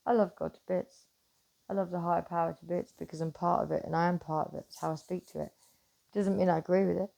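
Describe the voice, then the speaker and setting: A middle-aged woman chatting casually to camera, animated and swearing freely, swinging from loud bursts to hushed asides. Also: fairly low pitch, fast, creaky. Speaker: vlogger.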